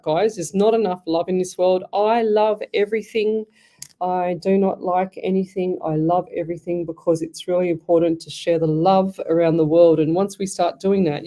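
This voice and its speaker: A woman's voice: fairly low pitch, mellow. An Australian woman hosting a live psychic radio show, chatty and effusive, rambling through stories. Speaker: psychic medium radio host. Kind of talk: casual live radio chat.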